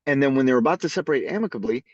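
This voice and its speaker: A man who is a podcast guest, telling stories in a casual, animated way and acting out the people in them. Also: mid-range voice, racing, no room sound. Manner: animated storyteller who acts out the voices in his stories. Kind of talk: casual storytelling interview. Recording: slightly dull lo-fi audio.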